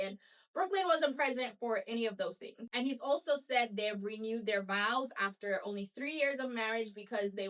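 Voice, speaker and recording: A woman's voice: on the high side, a bit bright, rough recording. A woman host giving casual gossip commentary, chatty and wry, with frequent laughs and asides.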